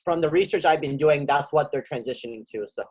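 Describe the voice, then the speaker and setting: A man from a live class explaining his view casually, with lots of ums and pauses. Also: fairly high pitch, a little mellow, husky, poor audio. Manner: hesitant, lots of fillers. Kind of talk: casual talk.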